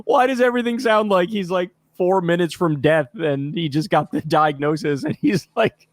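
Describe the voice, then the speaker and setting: A man's voice: sits high, normal speed, no echo. A man hosting a reaction video, in mocking, profane casual commentary, laughing often.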